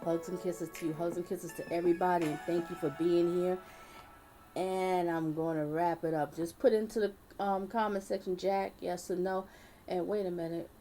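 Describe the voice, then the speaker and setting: A woman's voice: on the low side, steady tone, moderate pace, warm tone, faint music behind. A woman hosting a live advice stream, chatting with viewers and leading a prayer. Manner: chatty, reads out viewer comments, prays earnestly.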